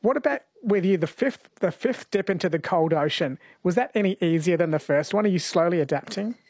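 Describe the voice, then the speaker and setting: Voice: medium pitch, animated, a little fast, darkish tone, no room sound. Dry-humoured radio co-host. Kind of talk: casual radio chat. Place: radio studio.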